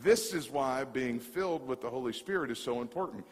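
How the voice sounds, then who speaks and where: A man preaching a sermon as a pastor. He tells stories in an animated way, repeats words and acts out the dialogue. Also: medium pitch, brisk, in a large hall.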